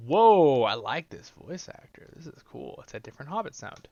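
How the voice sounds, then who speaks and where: A man's voice: mid-range voice, big pitch swings, normal speed, gravelly, dark tone, no room sound, lo-fi sound. A man hosting a let's-play, chatting directly to his viewers. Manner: chatty, talks straight to viewers. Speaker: host. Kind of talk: let's-play game commentary.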